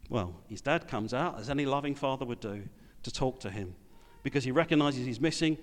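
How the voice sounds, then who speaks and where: A man preaching a sermon, talking in a relaxed, conversational way and putting questions to the congregation. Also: mid-range voice, fairly quick. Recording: long hall reverb.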